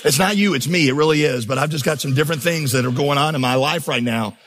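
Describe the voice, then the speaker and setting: A man's voice: on the high side, fast talker, fairly bright tone, a little hiss or hum, lightly acted. Man doing awkward breakup boyfriend, apologetic, evasive, everyday voice.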